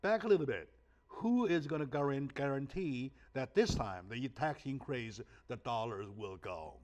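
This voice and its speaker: A man's voice: medium pitch, animated, normal speed, a little mellow. A man whose first language is Chinese hosting a talk show, emphatic and fond of rhetorical questions with a tag "right?". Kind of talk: animated interview talk.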